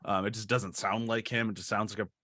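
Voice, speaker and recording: A man's voice: on the low side, little pitch movement, fast talker, sharp tone, dry recording, clean studio sound. A man co-hosting a film podcast, speaking candidly with frequent stammered restarts and blunt asides. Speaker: podcast co-host. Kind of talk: casual film discussion.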